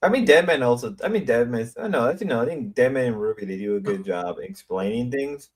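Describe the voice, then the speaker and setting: A man hosting a casual online stream chat, relaxed, often restarting and trailing off his sentences. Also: mid-range voice, a little fast, slightly rough.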